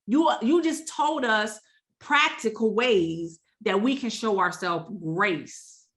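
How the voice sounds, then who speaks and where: A woman's voice: medium pitch, slow pace, fairly bright tone. A woman hosting a podcast, talking with enthusiastic, affirming emphasis. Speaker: podcast host. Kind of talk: casual chat.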